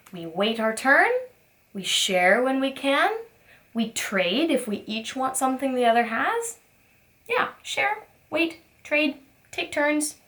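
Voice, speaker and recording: A woman teaching a preschool circle time, asking gentle questions in a sing-song teacher voice. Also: sits high. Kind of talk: circle time lesson for young children.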